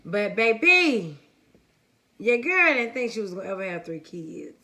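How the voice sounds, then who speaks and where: A young woman from the United States telling a story-time vlog in a lively, chatty way, talking straight to her viewers. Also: medium pitch, measured pace. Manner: casual and chatty, calls viewers honey and baby. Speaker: vlogger.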